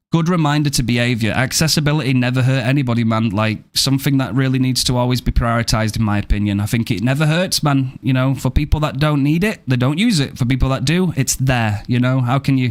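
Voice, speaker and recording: A British man in the middle of a live game stream, talking casually with his audience. He sounds easygoing and chatty, dropping "bro" and "man" often. His voice sits at an ordinary middle pitch. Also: brisk. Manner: laid-back and chatty, says "man" and "bro" a lot.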